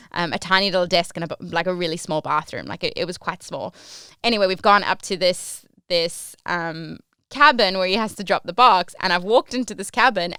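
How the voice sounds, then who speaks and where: A woman's voice: lowish voice, pushed and bright, smooth, dry recording, studio quality. A young woman from South Africa telling a casual vlog story about her work as a cruise ship entertainer, chatty and full of "like" fillers.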